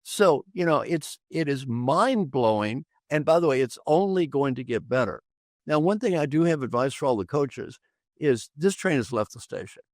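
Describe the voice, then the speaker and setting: A man's voice: mid-range voice, animated, normal speed, dry recording, studio quality. An older man, an executive coach on a podcast, talking emphatically and repeating phrases for effect. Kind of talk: animated conversational storytelling.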